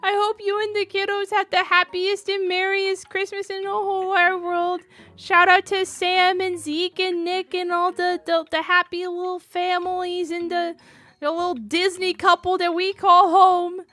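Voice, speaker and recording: A woman's voice: very high-pitched, level tone, unhurried, fairly bright tone. A young woman live streamer chatting casually and gushing thanks to her viewers. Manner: gushing, effusive thanks to chat. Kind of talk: casual chat.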